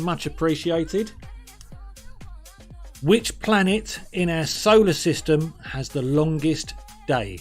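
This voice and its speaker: A man hosting a live-streamed quiz in a chatty, jokey way, reading out viewers' answers by name. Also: fairly high pitch. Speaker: quiz host.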